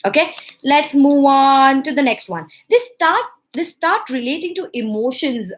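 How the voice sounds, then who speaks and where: A young woman talks parents through early learning in a casual, animated way. She acts out their voices as she goes, with a lively, friendly delivery. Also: high voice, a little slow. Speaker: parenting educator. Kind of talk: casual instructional talk to parents.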